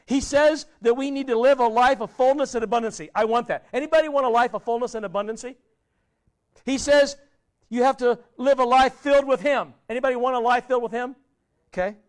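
High-voiced man preaching a sermon. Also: a little fast. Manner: asks the congregation many questions, conversational preaching; drops voice low and quiet at ends of phrases. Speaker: pastor.

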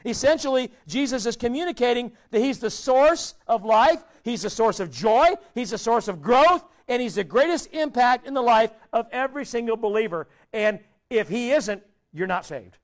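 Man, pastor, very high-pitched, sermon, questions to the congregation, soft trailing phrase endings. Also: expressive, moderate pace, hardly any pauses. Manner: asks the congregation many questions, conversational preaching; drops voice low and quiet at ends of phrases.

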